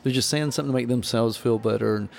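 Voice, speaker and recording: This former minister, now a podcast host, speaks fast in a gravelly, medium-pitched voice. He tells stories earnestly and with a preacherly touch during a frank conversation about grief.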